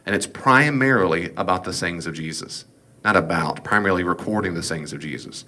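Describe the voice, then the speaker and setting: A man's voice: low-pitched, brisk, sharp tone. A man teaching an informal Bible class, folksy and digressive with joking asides.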